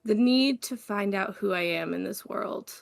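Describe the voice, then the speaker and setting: A woman's voice: mid-range voice, unhurried, creaky. A woman voicing a young female elf who is looking for her purpose, speaking earnestly.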